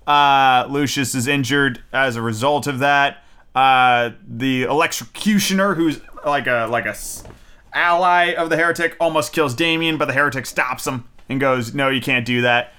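A young man giving a casual, rambling movie review, excitable and full of fillers and swearing. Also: mid-range voice, moderate pace, smooth.

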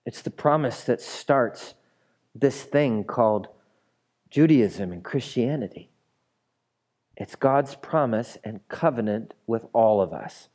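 A man's voice: medium pitch, animated, slow, a little mellow. A male pastor preaching a sermon in a conversational way, with playful asides and emphatic repetition.

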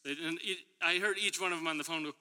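Delivering a sermon in a church hall, a man who preaches and also teaches middle school tells stories chattily, laughing often and acting out what people said. His voice sits on the high side with fairly even intonation, and he talks fast with a sharp tone. The recording carries a long hall reverb.

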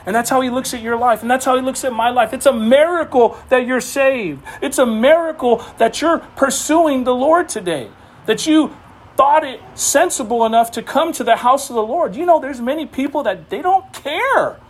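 A man's voice: very high voice, normal speed, slightly rough. A man preaching a sermon in a conversational way, mixing Scripture with humorous family asides. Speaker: pastor.

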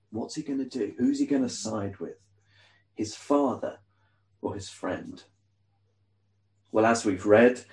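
A man preaching a sermon in a conversational, animated way, with asides and rhetorical questions. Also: fairly low pitch, echoey room.

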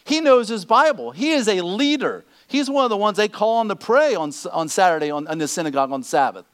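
A man preaching a sermon, animated, acting out the people he quotes. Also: sits high, fairly quick, clean tone. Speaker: pastor.

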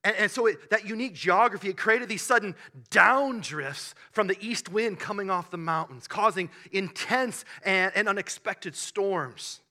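A man preaching a sermon, telling the story with animated bursts and hushed asides. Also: high-pitched, normal speed. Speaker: pastor.

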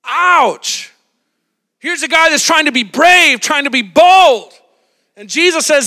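A man preaching a sermon, retelling a story with animated, dramatic flair. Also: very high voice, takes it slowly.

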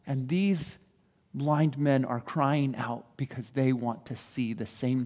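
A man's voice: medium pitch, slow pace, darkish tone. A man preaching a sermon in an earnest way, often putting questions to his listeners. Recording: echoey hall.

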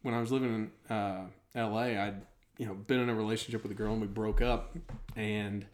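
A middle-aged man casually chatting, telling an animated anecdote and laughing through it. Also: lowish voice, fairly quick. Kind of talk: casual storytelling chat.

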